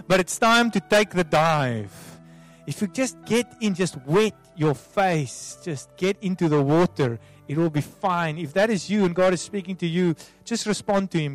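A man as a pastor leading an altar call prayer, soft and pleading, repeating himself with many restarts. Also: high voice, moderate pace. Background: soft music.

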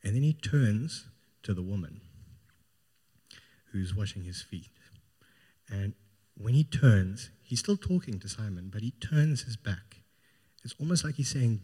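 A man's voice: lowish voice, expressive, a little slow, pauses often, warm tone, breathy edge. A man preaching a sermon, retelling a Gospel story in an informal, storytelling way. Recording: long hall reverb.

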